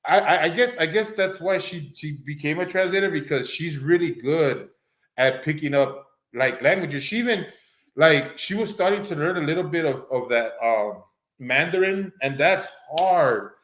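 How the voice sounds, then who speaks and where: A man's voice: a little high, lively intonation, normal speed, fairly bright tone. A man whose first language is Spanish, chatting casually as a podcast co-host, rambling with many restarts and acting out voices. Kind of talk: casual chat. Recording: roomy echo.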